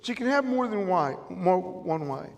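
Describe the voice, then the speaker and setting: Emphatic high-voiced man with a Chicago accent. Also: animated, moderate pace, creaky. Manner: emphatic, repeats key phrases. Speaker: motivational speaker. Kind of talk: motivational stage talk. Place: event room with audience. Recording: long reverb of a large room.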